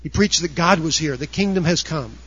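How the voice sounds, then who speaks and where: A man's voice: fairly high pitch, brisk, fairly bright tone, husky, highs cut off. A man preaching a sermon earnestly, raising his voice to act out quoted objectors. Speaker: pastor.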